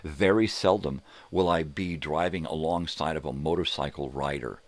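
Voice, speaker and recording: A man's voice: very deep voice, normal speed, no echo. An older man hosting his morning show, telling heated, profanity-laced stories in a casual rant. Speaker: host of a morning live show. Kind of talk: casual ranting monologue.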